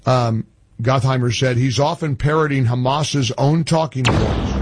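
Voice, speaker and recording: A man's voice: mid-range voice, unhurried, a little hiss or hum. A man hosting a talk radio show, giving opinionated conversational commentary in a studio.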